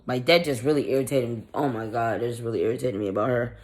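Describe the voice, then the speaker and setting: Telling a story casually on her vlog, a woman sounds blunt, profane, and irritated, acting out the dialogue she quotes in an animated way. Her pitch is extremely low and her pace fast.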